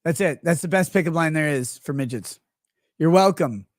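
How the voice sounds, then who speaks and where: A man's voice: a little high, moderate pace, dry recording, studio quality. A man hosting a livestream, talking in a crude, profane, rambling way and reading out chat messages. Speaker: livestream host. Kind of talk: casual livestream commentary.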